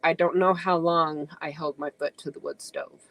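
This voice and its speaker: A woman's voice: deep voice, steady tone, moderate pace, slight background noise, low-quality recording. Teary, earnest woman guest. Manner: soft, earnest, emotional. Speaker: livestream guest. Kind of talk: casual conversation.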